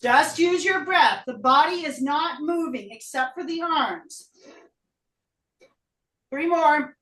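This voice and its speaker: A woman teaching a live yoga class, out of breath, calling breath and pose cues with brisk energy. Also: high-pitched, animated, a bit bright. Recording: roomy echo, voice from a distance.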